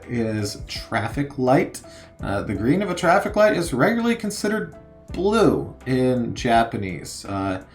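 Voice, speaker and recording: A man in his thirties casually narrating a learning game, halting with many fillers as he sounds out vocabulary. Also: mid-range voice. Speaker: streamer learning Japanese.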